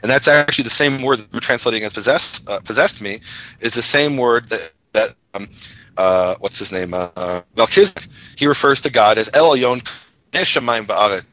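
A man's voice: medium pitch, a little fast, a bit bright, rough recording. A man, a guest on a religious podcast, talking thoughtfully and explaining his points with quotes from scripture. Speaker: guest Bible scholar. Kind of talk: casual religious discussion on a podcast.

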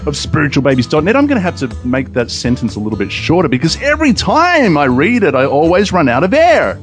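A man's voice: a little high, wildly swooping pitch, quick pace, soft background music. A man hosting a podcast in casual, chatty talk, often laughing. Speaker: podcast host.

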